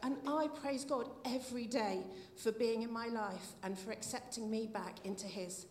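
A woman's voice: on the high side, steady tone, moderate pace. A middle-aged woman giving a heartfelt personal testimony at a church meeting, at times near tears. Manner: heartfelt, tearful at times, with soft laughs. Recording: echoey hall with faint noise.

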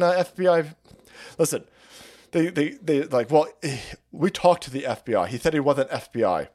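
A man's voice: on the high side, darkish tone. A man hosting a livestream, ranting crudely about politics, stammering, restarting and laughing at his own jokes. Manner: foul-mouthed, rambling, mocking, laughs at own jokes; reads out and thanks chat viewers. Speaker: livestream host. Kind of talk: profane political rant on a livestream.

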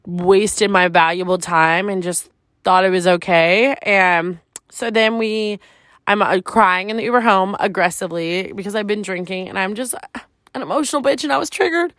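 This podcast host speaks at normal speed in a mid-range, fairly bright voice, captured as a dry, clean studio recording. Her candid storytelling is chatty and personal, loaded with "like" and free-flowing profanity.

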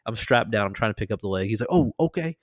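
A man hosting a podcast, telling a story in a casual, animated way, swearing freely and acting out what others said. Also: lowish voice, racing, no room sound. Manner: animated, profane, acts out quoted lines. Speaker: podcast host.

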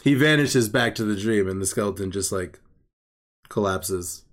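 A man hosting a casual film-discussion podcast, amused and halting, restarting his sentences often. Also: lowish voice. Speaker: podcast host.

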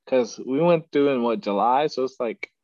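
A man's voice: medium pitch, moderate pace, no room sound. A man hosting a podcast, telling his stories in casual chat and laughing often. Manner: animated storyteller, laughs often. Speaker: podcast host. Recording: dry, dull lo-fi sound.

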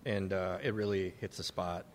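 A man's voice: deep voice, little pitch movement, moderate pace. A man co-hosting a casual wine-tasting chat, easygoing, explaining wines and reading out questions. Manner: easygoing, plugs and explains, likes puns. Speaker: podcast co-host. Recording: long reverb.

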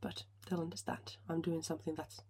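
Give me a woman in casual podcast chat, husky and a bit low, emotional and restarting often. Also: flat delivery, a little fast, a little mellow. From Finland. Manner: emotional, swears freely, many restarts. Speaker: podcast host. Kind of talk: casual solo podcast talk.

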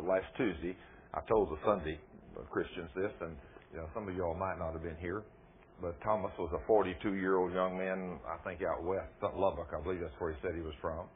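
A man preaching a sermon, telling testimony stories in a folksy way that rises to fervent emphasis. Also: deep voice. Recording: tinny phone-like radio broadcast, faint noise.

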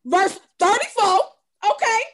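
A very high-voiced woman co-hosts a relaxed faith conversation. She reads scripture slowly and with weight, then drops in short, lively bursts of encouragement for her partner. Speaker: podcast co-host. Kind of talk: casual faith-based chat with scripture reading.

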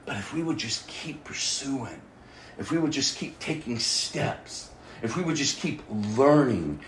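Male pastor, sermon, emotional storytelling, lively swinging pitch, roomy echoey church sound. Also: a little hiss or hum. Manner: often drops to a hushed near-whisper.

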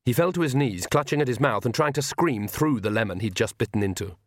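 A man reading a comic fantasy novel aloud as audiobook narrator, in an even, measured storytelling manner. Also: medium pitch, no echo, clean studio sound. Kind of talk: scripted narration.

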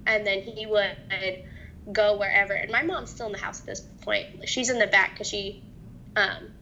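A young woman telling her own story as a guest in an interview, halting and hesitant, with many restarts. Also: medium pitch, steady tone, pushed and bright, dull audio, a little hiss or hum. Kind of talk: personal testimony in an interview.

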